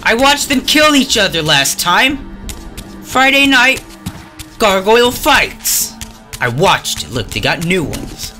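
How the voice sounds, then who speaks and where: A man with a high, very lively voice commentates his gameplay in a slow drawl, sarcastic and openly frustrated with the game. Game music plays clearly behind him. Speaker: let's play gamer.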